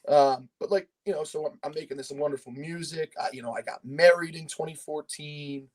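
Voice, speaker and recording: A man's voice: on the high side, fairly even intonation, a little fast, a little mellow, low-quality recording. A man in his thirties from Pennsylvania, speaking as a podcast guest. He tells his story in loose, casual talk full of fillers and frequent swearing. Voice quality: swears freely, rambling with fillers.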